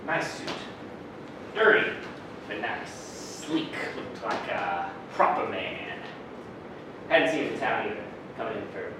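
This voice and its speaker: A man acts out a gruff frontier man haunted by his past, telling his story in slow, halting bursts in a stage drama. He sounds far from the mic in a very echoey space. Heavy background noise sits under the voice. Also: on the low side, expressive. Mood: brooding. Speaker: actor. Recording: roomy stage audio from a distant mic with loud noise.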